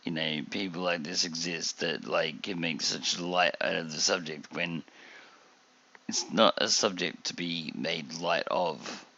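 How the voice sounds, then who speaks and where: A man from Australia talks over a video he is reacting to, slow and rambling, piling on fillers as he grumbles. His voice sits very low with a gravelly fry, yet has a bright edge. The recording sounds dull and lo-fi. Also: fairly even intonation. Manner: annoyed, rambling with many fillers. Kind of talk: casual reaction commentary.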